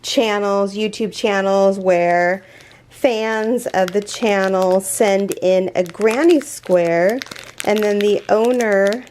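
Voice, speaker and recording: This crochet channel host has a medium-pitched voice and takes her time, with a little hiss or hum in the audio. Gushing and excitable, she rambles through a casual unboxing vlog with fillers and restarts.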